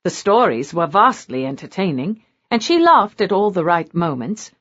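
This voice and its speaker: A woman narrating an audiobook in an expressive storytelling manner. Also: on the low side, normal speed, muffled recording. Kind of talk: scripted narration.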